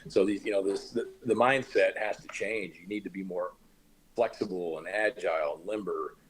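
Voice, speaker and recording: A man with a very low, husky voice talks through a casual podcast conversation. He drawls out advice like a coach, heavy on slang and easygoing asides. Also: steady tone, moderate pace, poor audio. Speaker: podcast host.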